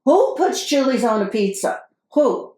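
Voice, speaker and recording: An exasperated, fussy Brooklyn wife with a thick put-on New York accent, played by a woman. Her voice sits fairly high as she complains in animated bursts. The sound carries a roomy echo. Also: a little slow. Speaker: podcast co-host in character. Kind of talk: improvised comedy sketch.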